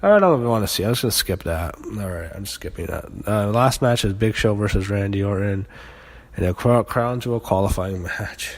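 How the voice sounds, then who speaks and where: A young man talks through a wrestling show in a loose, rambling way, full of fillers and false starts. His voice sits a little low, and he swears when he is annoyed. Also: animated, brisk. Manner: rambling, frequent fillers and restarts, frustrated swearing. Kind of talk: casual spoken review.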